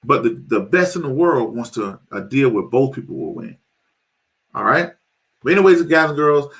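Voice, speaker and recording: A man hosts his own show and talks straight to the camera in a casual, animated rant. He keeps asking rhetorical questions and slips into quick voices for the people he quotes. His voice sits in an ordinary middle pitch. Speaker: host.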